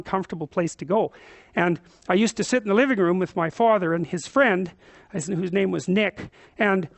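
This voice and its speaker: A middle-aged man lecturing as a psychologist, telling stories in an animated, emphatic way and swearing casually. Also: high-pitched, vocal fry, no room sound. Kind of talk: storytelling lecture.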